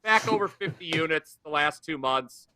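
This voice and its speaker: Sharp-voiced sarcastic male handicapper. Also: fairly high pitch, animated, normal speed, slight background noise. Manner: dry, teasing sarcasm. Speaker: sports handicapper guest. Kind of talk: casual sports betting talk.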